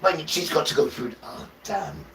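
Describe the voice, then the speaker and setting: A man's voice: on the high side, lively intonation, moderate pace, creaky, fairly bright tone, distant mic, slight background noise, rough recording. A man livestreaming an impassioned spiritual talk, urging his viewers directly in a preachy, urgent way. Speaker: livestream host.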